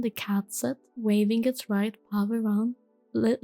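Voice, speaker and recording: Soft-spoken woman reading a bedtime story. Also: a little high, fairly even intonation, measured pace, creaky, dry recording, soft background music. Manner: gentle, soft, soothing. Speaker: storybook reader.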